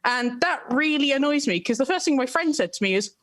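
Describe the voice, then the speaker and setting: A woman on a comedy panel telling a story in a dry, deadpan way over a video call from home. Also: high-pitched, a little fast, dry recording. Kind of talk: comedic storytelling on a live stream.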